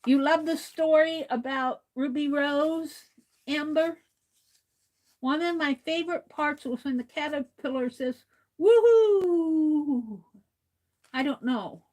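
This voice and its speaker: High-voiced, unhurried woman livestreamer. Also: fairly even intonation. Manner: chatty, reads viewer comments aloud, laughs easily. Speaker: art livestream host. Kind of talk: casual livestream chat while drawing.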